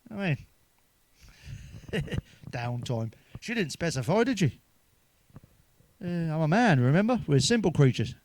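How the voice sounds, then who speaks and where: A man's voice: on the high side, sing-song, a little slow, long pauses, a little mellow, no room sound. A man telling crude stand-up jokes in a chatty, swearing manner, ending with tag questions. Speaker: stand-up comedian.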